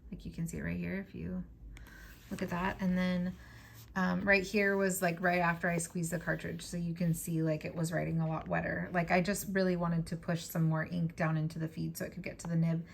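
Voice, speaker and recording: Woman, low, gravelly and hoarse, chatty and enthusiastic, faint hiss behind. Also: flat delivery, brisk. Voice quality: scratchy, hoarse voice. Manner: chatty, enthusiastic, many fillers. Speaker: fountain pen vlogger. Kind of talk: casual show-and-tell.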